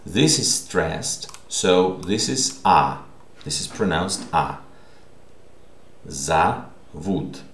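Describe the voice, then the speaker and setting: A man teaching a language lesson, repeating words slowly and checking in with the listener. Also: deep voice, expressive, vocal fry, a bit bright, slight background noise. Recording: echoey room.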